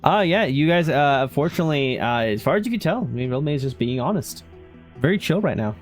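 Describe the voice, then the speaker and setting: A man running a tabletop game as game master, narrating with hesitant pauses and many fillers. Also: mid-range voice, expressive, soft background music.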